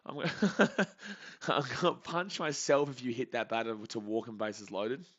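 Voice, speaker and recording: Male stream host, tense bright tone, nervy repeated pleading, tired, dull lo-fi sound. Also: medium pitch, animated, moderate pace. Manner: anxious, pleading, repeats phrases over and over. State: tired, up early without coffee. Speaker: live-stream sports reaction host. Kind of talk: live play-by-play reaction stream.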